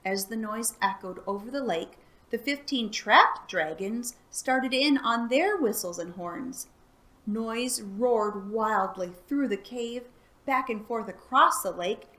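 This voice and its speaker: A woman reading a children's chapter book aloud for a library storytime, calm and soft-spoken. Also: medium pitch, takes it slowly.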